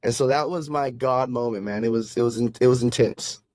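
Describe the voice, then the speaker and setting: A pastor telling his own faith story in a podcast conversation, earnest and halting, often restarting his sentences. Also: medium pitch, darkish tone, dry recording. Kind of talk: casual testimony in a conversation.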